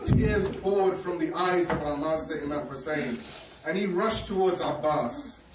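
A man's voice: a little high, unhurried, heavy background noise. A man preaching a mourning sermon, telling a story with emotion and grief. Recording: echoey hall, distant mic, faint ambience.

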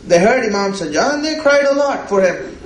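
A man's voice: very high voice, expressive, fairly quick, a little hiss or hum. A man preaching a religious sermon, repeating himself and asking "right?" as he goes. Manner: repetitive, rhetorical, often asks "right?". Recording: echoey room.

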